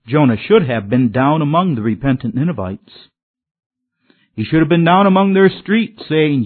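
A man's voice: on the high side, very animated, moderate pace. A man preaching a sermon in an earnest, emphatic way, his voice swelling and dropping. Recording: tinny phone-like sermon recording.

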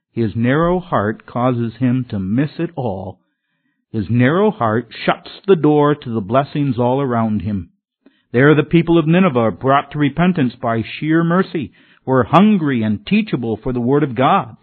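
A man's voice: medium pitch, animated, a little slow. A man preaching a sermon in an earnest, emphatic way, his voice swelling and dropping. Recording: tinny phone-like sermon recording.

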